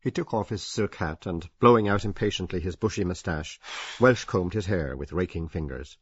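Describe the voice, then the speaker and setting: A man narrating a literary audiobook with measured, varied emphasis. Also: deep voice, husky, dry recording. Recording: dull, dry lo-fi audio.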